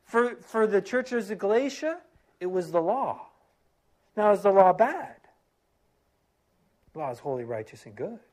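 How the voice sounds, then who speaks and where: A man preaching a sermon as pastor, earnest and emphatic, driving points home with repeated phrases and easing into a quiet prayer. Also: high-pitched, big pitch swings, unhurried, pauses often.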